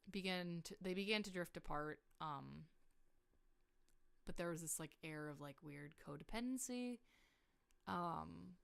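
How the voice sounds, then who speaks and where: A young woman rambling excitedly about her story characters on a casual livestream, full of filler words. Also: lowish voice, vocal fry, clean tone. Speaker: streamer. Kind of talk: casual livestream lore chat.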